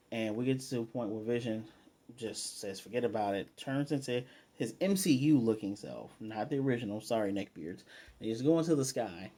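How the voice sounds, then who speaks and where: A man's voice: mid-range voice, dark tone. A man giving a casual spoken episode review, retelling scenes in a rambling way with plenty of fillers. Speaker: video reviewer.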